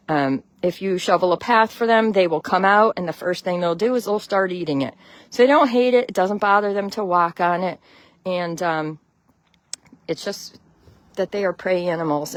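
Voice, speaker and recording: A woman's voice: lowish voice, no echo. A woman from Connecticut with a Connecticut accent chats loosely through a phone livestream outdoors in her snowy chicken run. She greets her viewers one by one and laughs easily. She is a friendly, rambling host who keeps the talk going as she walks. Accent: Connecticut (American). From Connecticut, USA. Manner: chatty, greets viewers by name, laughs often. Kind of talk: casual live stream chat.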